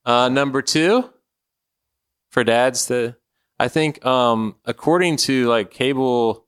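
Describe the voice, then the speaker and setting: A man's voice: medium pitch, slow pace, a bit bright, smooth, dry recording, studio quality. A man hosting a podcast in a casual chat, rambling and joking as he talks. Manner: rambling and joking, laughs often. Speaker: podcast host.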